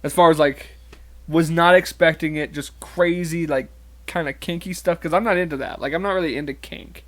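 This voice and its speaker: A young man co-hosts a casual podcast, his voice sitting a little high. He tells crude stories, laughs often and fills his talk with "like". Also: fairly even intonation, normal speed. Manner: crude, laughing storyteller, full of "like". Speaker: podcast co-host. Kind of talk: casual chat.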